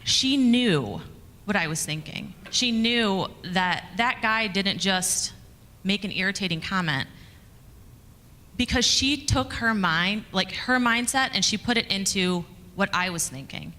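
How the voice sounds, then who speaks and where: A woman's voice: mid-range voice, animated, unhurried, bright, forceful tone. A woman telling a story to a conference audience in a chatty, conversational way, with fillers and restarts. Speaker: conference speaker, communications director. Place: conference hall. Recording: reverberant conference hall.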